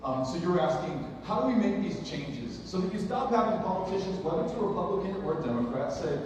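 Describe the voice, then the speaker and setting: Impassioned man in a booming hall. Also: lively intonation, fast talker. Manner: impassioned, builds to loud emphatic delivery. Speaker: political candidate at a town hall. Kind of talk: campaign town hall answer. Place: large echoey hall with audience. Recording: echoey hall, distant, noisy.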